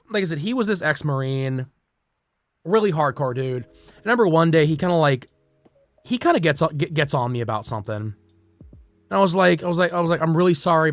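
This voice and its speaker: A young male streamer rambles through a story from an old job, swearing freely and breaking into laughter between restarts. His voice sits a little high for a man. The close mic sounds dry, with faint music playing underneath. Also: a bit bright, no echo. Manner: rambling, profane, laughs often, many restarts.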